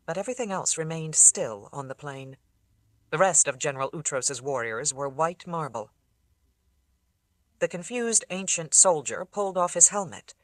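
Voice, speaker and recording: Steady, dry audiobook narrator. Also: mid-range voice, no echo. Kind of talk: scripted fantasy narration.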